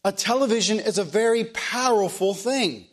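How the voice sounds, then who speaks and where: Guy pastor with a high voice preaching folksy in church, keeps asking the room questions. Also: moderate pace. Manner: folksy preaching with plain country speech and repeated rhetorical questions. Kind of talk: sermon.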